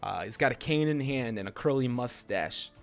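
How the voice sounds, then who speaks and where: A man's voice: mid-range voice, expressive, moderate pace, vocal fry, faint music behind. A man narrating a tabletop fantasy game as game master, with fillers in between.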